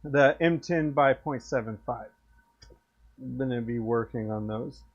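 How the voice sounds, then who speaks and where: A man with the hiccups talks slowly and loosely, a little drunk, winding down his live stream with friendly rambling. The audio is dull and lo-fi, like a basic streaming mic. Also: mid-range voice. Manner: rambling, friendly, slurs thoughts. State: hiccups, tipsy. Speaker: pen turner streaming from his workshop. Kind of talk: casual live-stream sign-off chat.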